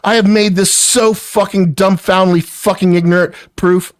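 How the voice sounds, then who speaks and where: A man's voice: high voice, fairly even intonation, moderate pace, no echo. An angry man lecturing an employee in a heated work argument, swearing constantly. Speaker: business owner confronting an employee.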